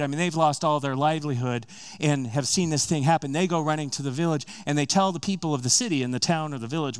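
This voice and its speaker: A man's voice: on the high side, clear, resonant tone. A man preaching a sermon, retelling a story in a casual, conversational way and acting out the characters' lines.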